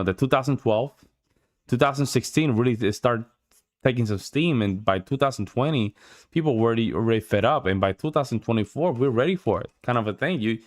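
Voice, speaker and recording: Guy doing a reaction vid, mid-pitched, just rambling and thinking out loud. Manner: rambling, exclamatory, thinks aloud with restarts. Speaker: reaction video host. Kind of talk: casual commentary.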